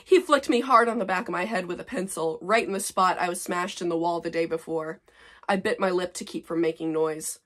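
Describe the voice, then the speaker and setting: A woman's voice: lowish voice, fairly quick, fairly bright tone. Woman in her twenties, sarcastic vlogger reading old fanfic, self-mocking. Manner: sarcastic, exasperated, laughing at herself.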